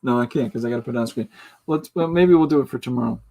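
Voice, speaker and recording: Talking very fast in a gravelly yet mellow mid-range voice, this podcast host runs a casual livestream full of jokes and frequent laughter. He reads viewer comments aloud and slips into different voices as he goes.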